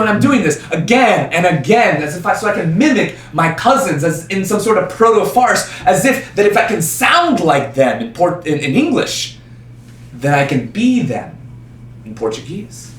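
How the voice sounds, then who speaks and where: A young man's high-pitched voice, at normal speed, drives a self-mocking, animated solo monologue in a small performance space. The stage sound is roomy and distant, with faint ambience.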